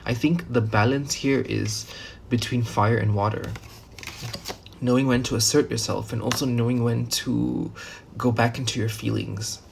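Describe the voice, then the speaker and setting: A man gives a casual, rambling tarot reading, full of fillers, restarts and the odd curse. His voice sits at an ordinary pitch with a noticeable gravelly fry. A faint hiss of background noise runs under the recording. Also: steady tone, moderate pace. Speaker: tarot reader.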